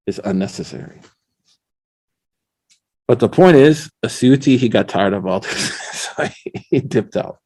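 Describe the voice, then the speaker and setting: His voice sits on the low side as this middle-aged Islamic scholar lectures casually on religion. He animates his stories, uses slang, and recites Arabic quotations.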